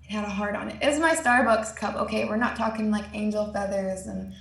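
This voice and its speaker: A woman's voice: medium pitch, steady tone, fairly quick, creaky, reverberant, recorded from a distance. A woman leading a meeting, telling a personal story and often laughing. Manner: giggly, laughs through her stories. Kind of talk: casual testimony sharing.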